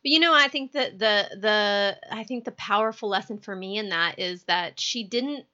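A woman's voice: medium pitch, normal speed, pushed and bright. A woman with a Southern US accent, a podcast co-host who chats casually and affirms what others say. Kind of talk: casual chat. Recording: muffled lo-fi audio.

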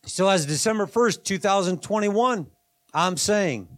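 A man's voice: high voice, animated, unhurried. A middle-aged man preaching a sermon, conversational, with emphatic bursts and asides. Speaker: pastor.

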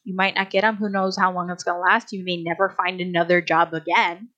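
A woman's voice: lowish voice, flat delivery, brisk, bright, forceful tone, no room sound, highs cut off. A woman in a casual podcast discussion, talking in an emphatic, passionate way with sarcastic rhetorical questions.

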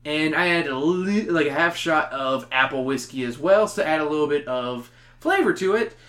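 A man's voice: fairly high pitch, expressive, normal speed, a bit bright. Chatty upbeat male podcast host. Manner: chatty, upbeat, rambling with restarts. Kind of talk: casual podcast chat.

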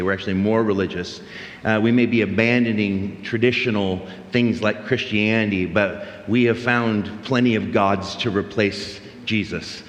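A man's voice: fairly low pitch, fairly bright tone, slight background noise. Middle-aged guy preaching like he's just chatting, lots of um's, roomy echo. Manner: conversational, anecdotal, with frequent fillers and restarts. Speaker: pastor. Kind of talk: sermon. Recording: roomy hall reverb.

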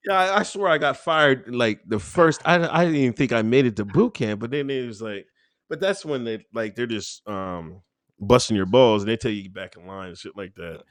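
A man's voice: medium pitch, animated, brisk, dry recording. Chill guy rambling in an interview, lots of um and you know, dry close sound. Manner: laid-back, rambling, full of fillers and laughs. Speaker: interview guest. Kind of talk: casual conversational interview.

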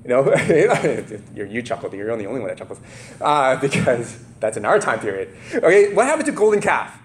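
Guy preaching, chatty and animated, voice jumps all over, bit of faint background hum. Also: medium pitch, moderate pace. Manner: animated, voices the characters in the story; casual, many fillers and laughs. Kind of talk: sermon.

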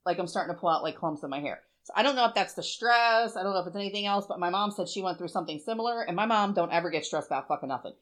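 A woman's voice: on the low side, rapid-fire, few pauses, a bit bright. A woman in her forties, co-hosting a podcast and telling a story in a chatty, emotional way, with plenty of swearing. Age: 40s. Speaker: podcast co-host. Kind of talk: casual chat.

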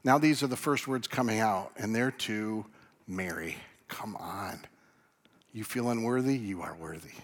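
A man preaching a sermon, animated, swinging from loud emphasis to hushed tones. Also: mid-range voice. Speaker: pastor. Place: church.

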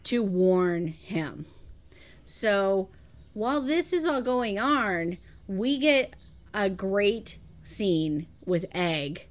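A woman chatting about a film, jumping in to fix the plot details. Her voice is animated and moves a lot in pitch, though it sits at a middling level. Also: drawn-out words. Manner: lively, corrects and fills in plot details. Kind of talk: casual movie recap chat.

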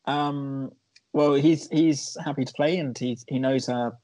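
A man's voice: medium pitch, fairly even intonation, unhurried, darkish tone, no echo. A man co-hosting a podcast, casually retelling a TV episode with lots of "um"s and frequent laughter. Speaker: podcast co-host recapping a TV drama. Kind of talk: casual chat.

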